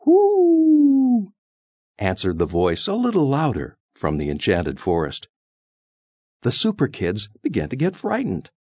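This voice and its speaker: Male storyteller for a children's read-aloud, lower voice, unhurried and highly expressive delivery, dry booth sound. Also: slightly rough, no room sound. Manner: animated, sing-song storytelling with high squeaky voices for the kids.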